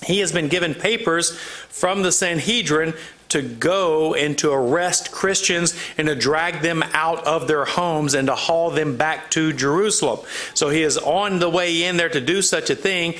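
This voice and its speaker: A pastor works through a Bible passage, reading the verses aloud and explaining them in a relaxed, conversational manner full of fillers. His voice is on the high side and his pace measured.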